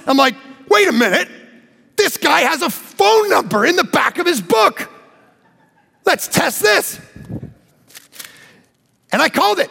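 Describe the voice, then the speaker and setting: A pastor preaching a sermon, joking and acting out little conversations in an animated way. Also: male voice, very high-pitched, creaky, big-room sound. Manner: animated, joking, acts out dialogue.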